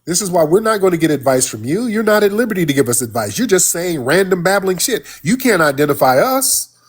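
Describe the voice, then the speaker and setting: A man hosts a live stream and scolds a caller, repeating "sir" with sharp disdain. His voice is husky and somewhat high for a man. His pitch leaps around a great deal as he argues. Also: big pitch swings, fairly quick. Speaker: livestream host. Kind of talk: heated live-stream argument. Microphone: phone or desktop mic on live stream.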